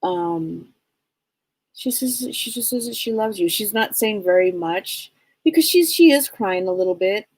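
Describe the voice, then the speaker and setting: A woman co-hosting a live show as a psychic medium, gently relaying messages and often searching for her words. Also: mid-range voice, lively intonation, unhurried, husky, dry recording, poor audio.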